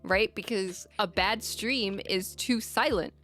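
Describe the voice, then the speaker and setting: A woman from Puerto Rico co-hosting a gaming podcast, telling stories in casual chat with lively swearing. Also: mid-range voice, takes it slowly, soft background music. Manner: animated storyteller, swears freely. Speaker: podcast co-host.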